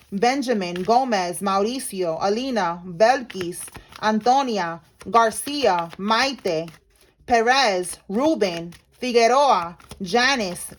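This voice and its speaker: A woman giving a casual tarot reading to her viewers, talking in a slangy, blunt way and calling them y'all. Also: mid-range voice. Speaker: tarot reader.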